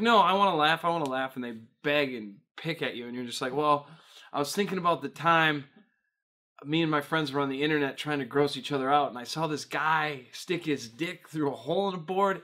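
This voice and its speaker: Man, stand-up comic, interview, profane rambling storyteller, bright forceful voice. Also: fairly high pitch. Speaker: stand-up comedian. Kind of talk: documentary interview.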